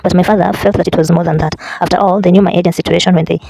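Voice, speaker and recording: Quick talker, gravelly, dark mellow tone, halting read-aloud, restarts often. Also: mid-range voice, fairly even intonation, faint music behind, poor audio. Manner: halting, with restarts and self-corrections. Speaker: vlogger reading a book aloud. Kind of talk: casual vlog and unpolished read-aloud.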